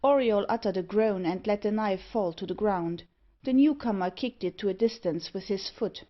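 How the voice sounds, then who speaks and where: A woman narrating a gothic novel audiobook in a steady, even storytelling manner. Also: mid-range voice, moderate pace, highs cut off.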